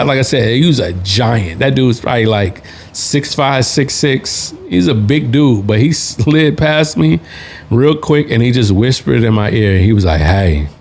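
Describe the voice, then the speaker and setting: A man spins a casual story as the host, at an everyday mid pitch. He rambles and restarts his sentences, talking in loose slang. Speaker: podcast host, Navy veteran.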